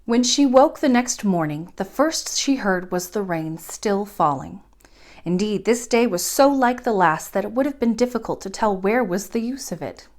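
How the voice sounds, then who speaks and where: A woman reading a bedtime story aloud in a soft, gentle way. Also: mid-range voice, animated, moderate pace. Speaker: library storytime reader.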